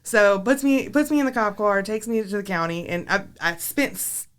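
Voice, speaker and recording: A woman's voice: mid-range voice, lively intonation, moderate pace, clean tone. A woman, a podcast guest telling a wild story in a blunt, profane, laughing way. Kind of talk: casual storytelling.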